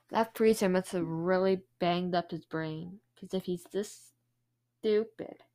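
A woman's voice: lowish voice, slow pace, long pauses, a little mellow. A woman hosts a true crime podcast and recounts the case to a co-host. Her delivery is chatty and loose, with plenty of fillers.

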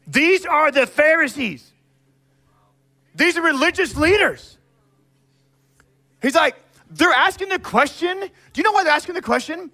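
A man preaching a sermon to his congregation, animated and emphatic, calling people out directly and acting out people in quick asides. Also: very high-pitched. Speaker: pastor.

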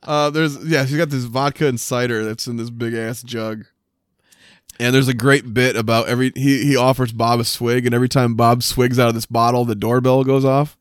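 A man's voice: mid-range voice, a little fast, no echo, studio quality. A man casually recapping a TV episode with a friend, swearing freely and acting out lines from the show. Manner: animated retelling with quoted voices and frequent swearing. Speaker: podcast co-host.

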